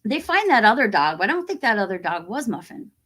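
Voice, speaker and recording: A woman in her forties chatting casually to camera as a horror YouTuber, animated and acting out other people's voices as she tells a story. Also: mid-range voice, quick pace, breathy edge. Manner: animated, acts out quoted voices.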